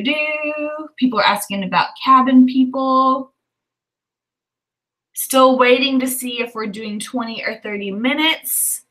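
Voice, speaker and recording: A woman with a Southern US accent hosts a relaxed writing livestream. Her voice is bright and forward, and she thinks aloud in a chatty, easygoing way, filling pauses with plenty of ums. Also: a little high, low-quality recording. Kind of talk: casual livestream chat.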